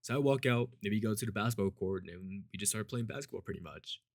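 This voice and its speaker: A man tells a story at a quick pace, recorded dry with clean studio sound. His speech is casual and rambling, full of swearing and fillers like "like" and "you know." He acts out the people he quotes by shifting his pitch and loudness.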